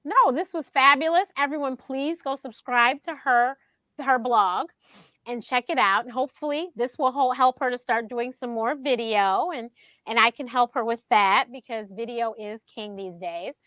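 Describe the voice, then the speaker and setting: A woman telling stories in casual talk, animated, laughing often and acting out what others said. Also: normal speed, no echo. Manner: animated, acts out quotes in a higher voice; laughs often mid-sentence. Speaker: show host being interviewed. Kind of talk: casual storytelling.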